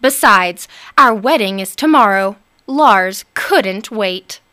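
A woman's voice: mid-range voice, big pitch swings, slow pace, fairly bright tone. A woman voicing a boastful female troll rival who bellows and taunts. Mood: taunting.

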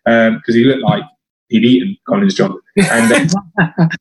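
A man's voice: mid-range voice, a little slow. A man telling football stories in casual chat, acting out what others said. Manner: animated, acts out quotes of others. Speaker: former footballer guest. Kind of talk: casual storytelling. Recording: roomy echo.

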